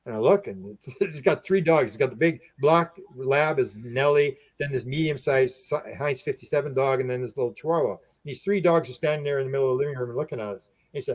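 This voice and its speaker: A man guest on a podcast, telling a story in a casual, animated way, halting and restarting often, and raising his voice to act out what others said. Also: mid-range voice. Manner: animated, acts out quoted speech with raised voice; halting, frequent restarts and repeated words. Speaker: podcast guest, UFO researcher.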